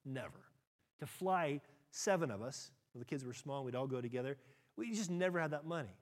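A middle-aged American pastor preaches an animated sermon. He acts out quotes with big leaps in pitch and shifts between quick and slow delivery.

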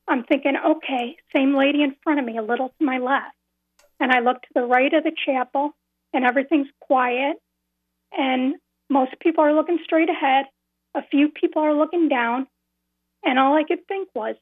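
A woman's voice: high voice, no echo. A woman calling in to a radio show, earnestly telling a personal story and repeating phrases as she goes. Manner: earnest, repeats phrases, slow and careful at key moments. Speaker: caller. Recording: tinny phone line.

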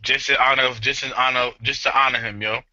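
A man's voice: mid-range voice, fairly even intonation, pushed and bright, no room sound, lo-fi sound. A man co-hosting a podcast in casual chat, joking in slangy talk. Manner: slangy, joking, drawn-out hype. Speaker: podcast co-host.

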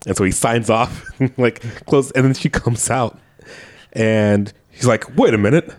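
A man's voice: mid-range voice, steady tone, slow pace. A man co-hosting a casual movie podcast, retelling scenes with frequent laughter and swearing. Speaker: podcast co-host. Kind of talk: casual movie-review chat.

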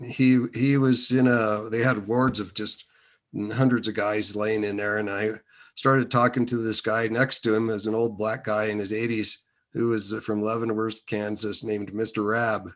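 A man telling a personal story in a hesitant, meandering way, with many pauses and fillers. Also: lowish voice, fairly bright tone.

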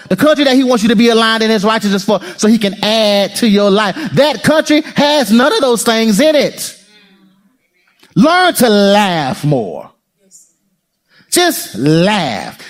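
Man, pastor, playful preaching, swooping pitch. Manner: lively, playful preaching with laughter and asides to the congregation. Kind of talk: sermon.

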